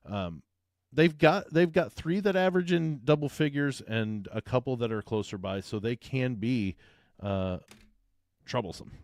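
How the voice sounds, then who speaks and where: A man's voice: mid-range voice, unhurried, darkish tone, dry recording, studio quality. Rambling male sports podcast co-host. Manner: rambling, self-correcting, frequent uh fillers. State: hiccups. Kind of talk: casual sports chat.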